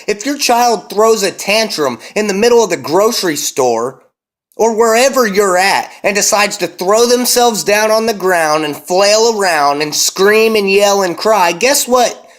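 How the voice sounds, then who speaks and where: A young man and parent delivering a heated, emphatic monologue, cursing often and slowing down to hammer his points. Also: sits high. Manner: intense, emphatic, heavy cursing, slows to hammer key words. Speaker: vlogger and parent.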